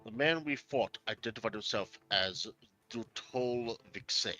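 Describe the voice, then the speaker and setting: A man playing a tabletop role-playing game, speaking in character in a formal, measured way. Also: mid-range voice, sharp tone, soft background music. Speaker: player.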